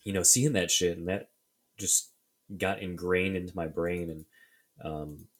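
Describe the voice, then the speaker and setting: Deep-voiced man, halting podcast chat. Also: steady tone. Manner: halting, many fillers and restarts. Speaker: podcast co-host. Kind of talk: casual podcast discussion.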